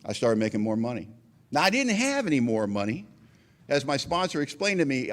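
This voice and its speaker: A man's voice: mid-range voice, big pitch swings, brisk. Middle-aged american guy sharing his sobriety story, earnest, pokes fun at himself. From United States. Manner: earnest storytelling with acted quotes and self-deprecating humor. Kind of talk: storytelling talk at a recovery meeting.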